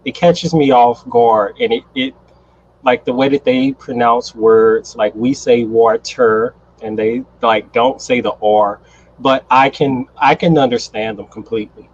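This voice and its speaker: An American man teaching English in a relaxed, friendly way on a video call, agreeing often and laughing a lot. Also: mid-range voice, measured pace. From United States. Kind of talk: casual conversation on a video call. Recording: husky voice over a dull, lo-fi call line.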